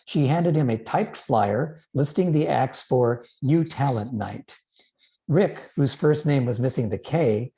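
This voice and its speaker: A male author reads his own novel aloud, measured and expressive. His voice is dark and warm, with a gravelly edge in the low notes. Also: low-quality recording. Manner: measured, expressive literary reading.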